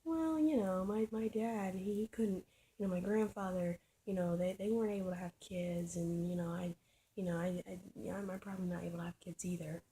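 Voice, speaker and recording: A man's voice: high voice, steady tone, brisk, warm tone, a little hiss or hum, low-quality recording. A man mocking a mopey young guy who stammers and whines hesitantly.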